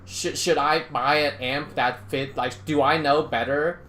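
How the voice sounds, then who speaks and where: A man's voice: a little high, steady tone, a little slow, fairly bright tone. A man in casual chat who rambles, with many fillers and restarts, and swears when he gets worked up. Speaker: podcast co-host.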